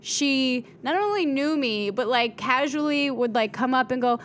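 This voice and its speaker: A young woman from New York, chatting as a guest and spinning a lively story, her fairly high voice leaping up whenever she acts out what someone said. Filler words run all through her talk, and a faint hiss of noise sits under the recording. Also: moderate pace, hardly any pauses. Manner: animated, acts out quotes with big pitch jumps, fillers like "like". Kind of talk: casual storytelling chat.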